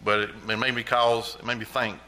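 In a church sanctuary, a middle-aged man gives an earnest testimony, exclaiming praise again and again. His mid-range voice stays fairly flat in pitch and comes out brisk, pushed and bright. The audio quality is poor.

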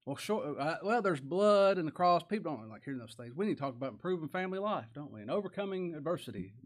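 A man preaching a sermon as pastor, chuckling often and rising to loud emphatic bursts. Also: fairly high pitch, sing-song, fast talker, few pauses.

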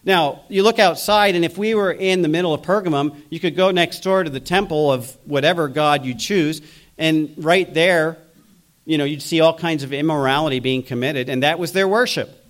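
A man preaching a sermon, earnest and steady, now and then mimicking the people he criticizes. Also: a little high, moderate pace. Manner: earnest preaching, slips into mocking quoted voices. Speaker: pastor.

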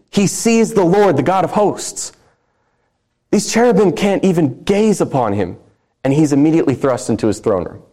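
Man, preacher, sermon, earnest and emphatic, mellow warm voice. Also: medium pitch. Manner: earnest, emphatic scripture reading.

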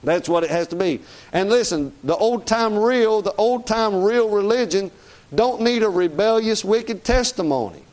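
A man's voice: high-pitched, expressive, normal speed, a little mellow. A man preaching a sermon in a folksy, conversational way, often asking "Amen?".

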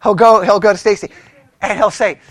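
A man leading a Bible study, animated, laughing often and asking the group rhetorical questions. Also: high-pitched, fairly quick, no echo.

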